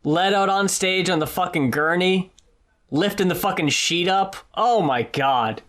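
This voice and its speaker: A podcast co-host telling a story in casual chat, animated and swearing freely. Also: mid-range voice, measured pace. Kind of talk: casual chat about music.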